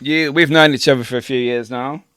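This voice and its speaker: A man's voice: mid-range voice, fairly even intonation, a little fast, pushed and bright, clear, resonant tone, no echo. Friendly male co-host, dry sound. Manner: friendly, laughs often, asks questions. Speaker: podcast co-host. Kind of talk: casual chat.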